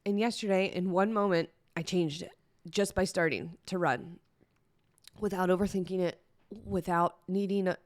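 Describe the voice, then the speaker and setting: Low-voiced woman, candid podcast host. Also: darkish tone, no room sound, studio quality. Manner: candid, emotional, chatty with fillers. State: teary-eyed. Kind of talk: personal solo podcast talk.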